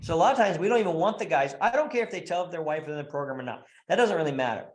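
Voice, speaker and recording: A fairly high-pitched man talks bluntly and with lots of swearing as a podcast guest, slipping into the voices of the people he quotes. His voice rings in a roomy, echoey space. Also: very fast. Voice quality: profane, blunt, animated storytelling. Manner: acts out quoted voices mid-sentence. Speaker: guest, founder of a coaching program for married men. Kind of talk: podcast interview.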